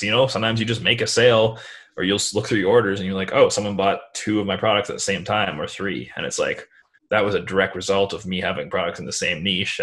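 Deep-voiced man, loose and chatty. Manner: relaxed, rambling, many "like" fillers. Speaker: guest, online seller. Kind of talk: casual interview talk.

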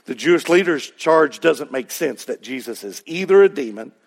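A man's voice: a little high, animated, normal speed, gravelly. A man with a Texas accent preaching a sermon as pastor, in a conversational style full of rhetorical questions.

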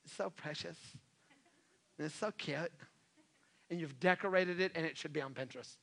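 A male pastor preaching a sermon, repeating his calls and swinging from hushed pleas to loud exhortations. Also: on the high side, moderate pace, creaky. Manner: impassioned, repetitive exhortations, swings from hushed to shouting. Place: church sanctuary. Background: soft worship music.

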